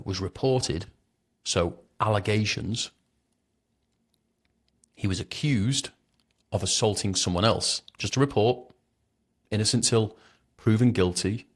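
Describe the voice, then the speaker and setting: A man hosting his own commentary show, talking in a blunt, indignant and mocking way. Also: lowish voice. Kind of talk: opinionated commentary.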